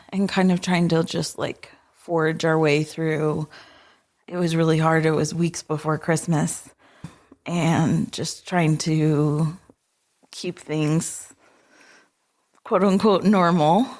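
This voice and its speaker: A woman guest on a podcast, telling family stories in an unhurried, gentle way with soft laughter between thoughts. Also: fairly low pitch. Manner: unhurried, often laughing softly while remembering. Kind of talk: casual interview storytelling.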